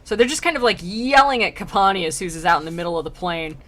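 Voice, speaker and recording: A woman's voice: lowish voice, animated, fast talker, a bit bright. A woman streamer casually reading an old poem aloud and chatting about it, giggling often. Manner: chatty, giggly, lots of fillers.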